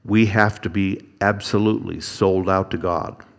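This preacher's voice is low, steady in tone and gravelly. His sermon moves slowly and haltingly with many restarts, and he dramatizes the people he quotes by raising his voice.

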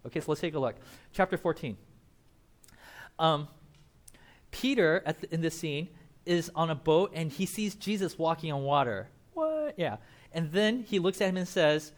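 A young man preaching a casual sermon as pastor, animated, acting out Bible characters and laughing often. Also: a little high, moderate pace, pauses often.

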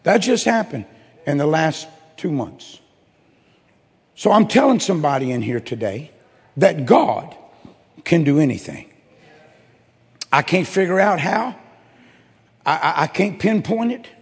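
A male pastor preaching to his church in a folksy, repetitive way that swells into loud bursts. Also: a little high, sing-song, unhurried, vocal fry, long pauses, breathy edge, long reverb tail. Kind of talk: sermon with altar call. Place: church sanctuary.

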